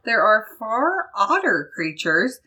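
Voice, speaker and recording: A woman's voice: on the high side, very animated, slow pace, pushed and bright. A woman from Ohio co-hosting a casual podcast, reading a news article aloud and laughing often. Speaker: podcast co-host.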